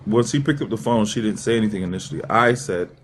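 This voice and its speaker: A man calls into a stream debate and patiently recounts a personal experience. His voice sits somewhat low. He stays calm under questioning. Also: fast. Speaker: caller. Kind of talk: telling a personal story in debate.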